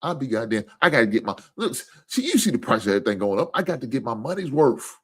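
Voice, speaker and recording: A tired man with a drawl rambles through a casual sports talk stream. His pitch swings widely as he cusses and jokes with his chat. He sounds loose and unscripted. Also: sing-song, fast. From Kentucky. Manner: rambling, profane, laughing and joking with chat.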